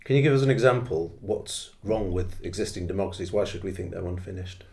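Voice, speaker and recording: A man with a low voice hosts a podcast and moves quickly through his questions. He probes his guest directly and briskly, one point after another. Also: darkish tone. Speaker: podcast host. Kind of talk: podcast interview.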